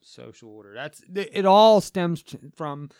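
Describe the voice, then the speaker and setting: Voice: medium pitch, expressive, measured pace, darkish tone, smooth, no room sound, clean studio sound. A podcast co-host in casual chat, insistent, cutting in to correct and explain.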